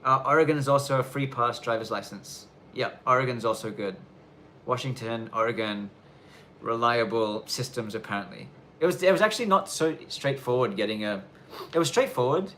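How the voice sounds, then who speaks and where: A man with a sharp-toned, mid-range voice speaks at normal speed over slight background noise. He's hosting a casual live Q&A stream from the snowy Japanese countryside, chatting loosely and rambling with many fillers and restarts.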